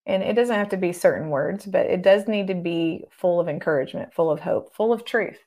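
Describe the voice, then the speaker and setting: Guest minister, woman, middle-aged; lowish voice, calm and earnest, instructive interview talk. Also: brisk. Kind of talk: conversational teaching interview.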